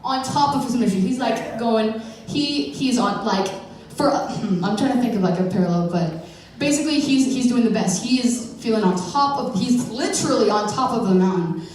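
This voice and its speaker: A woman's voice: a little high, expressive, moderate pace, hardly any pauses, a little mellow, slight background noise. Young woman, casual church talk, playful and rambling, distant mic in a very echoey hall. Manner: chatty and playful, many fillers and self-corrections. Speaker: youth speaker giving a church message. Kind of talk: informal sermon.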